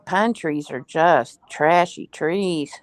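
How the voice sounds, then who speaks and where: A woman in casual chat with a friend, making quick wry remarks. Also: low voice, no echo. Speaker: friend co-chatting.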